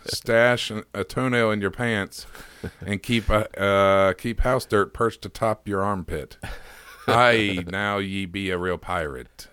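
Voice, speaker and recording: A man's voice: on the low side, fairly bright tone, dry recording, clean studio sound. A man co-hosting a podcast, chatting casually and reading a silly word-game story aloud, laughing at his own readings. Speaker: podcast co-host.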